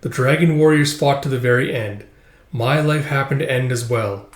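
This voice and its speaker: A man voicing a weary immortal young man who longs for death, reading his lines in a quiet, resigned way. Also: medium pitch, normal speed, close to an everyday voice. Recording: roomy echo.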